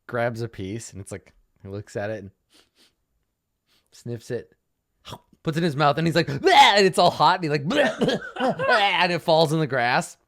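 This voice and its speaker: A man's voice: on the high side, expressive, moderate pace, long pauses, a bit bright. Chatty man running a tabletop game. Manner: loose, giggly narration with many fillers. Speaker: game master.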